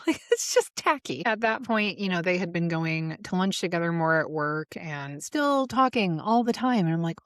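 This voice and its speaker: A woman's voice: lowish voice, animated, moderate pace, no room sound, clean studio sound. A woman in her forties hosting a solo podcast, talking bluntly and profanely, with frequent laughter. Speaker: podcast host. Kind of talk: candid solo podcast monologue.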